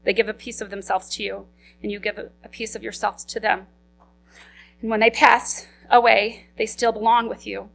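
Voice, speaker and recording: A young woman speaks at a memorial service and reads a eulogy for her father. Her voice has a gravelly edge at an ordinary pitch, and she keeps it steady while holding back grief. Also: moderate pace, faint music behind, low-quality recording. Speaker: daughter giving a eulogy.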